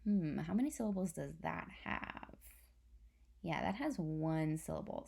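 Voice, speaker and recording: A woman's voice: sits low, animated, measured pace, gravelly, darkish tone, slight background noise. A young woman teacher patiently explaining a spelling lesson step by step to her class. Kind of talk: recorded online spelling lesson.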